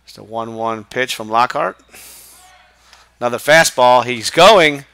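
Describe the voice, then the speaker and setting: A man calling a high school baseball game play by play from the press box, brisk and chatty. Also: a bit bright, clear, resonant tone, dry recording. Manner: brisk, chatty, laughs with partner. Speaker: play-by-play announcer. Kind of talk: live baseball play-by-play commentary.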